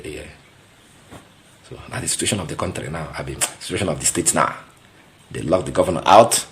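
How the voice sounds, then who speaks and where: A man from Nigeria speaking with a Nigerian Pidgin accent, giving an excitable, mocking commentary vlog. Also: extremely low pitch. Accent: Nigerian Pidgin English. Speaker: vlogger.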